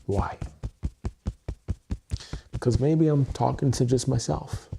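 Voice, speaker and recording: Gravelly, earnest man on a livestream. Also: medium pitch, slow, dark tone, slight background noise. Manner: earnest, emotional, swears freely, repeats phrases. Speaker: content creator. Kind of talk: solo livestream monologue, EFT tapping. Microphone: webcam mic, looking into camera.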